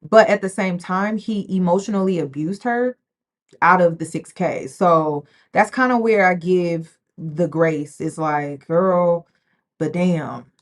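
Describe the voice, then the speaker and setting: A woman's voice: fairly low pitch, measured pace. A woman hosting a reaction video, giving casual, sassy commentary straight to her viewers. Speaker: commentary host.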